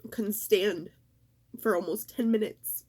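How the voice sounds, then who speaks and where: A middle-aged woman in a casual vlog, talking in a halting, emotional way and fighting back tears. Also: mid-range voice, fairly even intonation, darkish tone, slightly rough. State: tearful. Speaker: vlogger.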